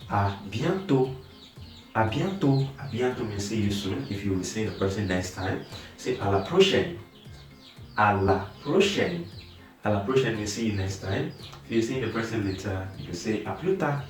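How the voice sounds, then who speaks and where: A man teaching a beginner language lesson, speaking slowly and patiently and repeating each word so learners can practice along. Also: lowish voice, reverberant, far from the mic, soft background music. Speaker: French teacher.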